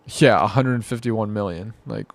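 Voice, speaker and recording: A man's voice: fairly low pitch, moderate pace, no echo. A man giving rambling, exasperated reaction commentary, muttering to himself and mocking what he watches. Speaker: commentary vlogger.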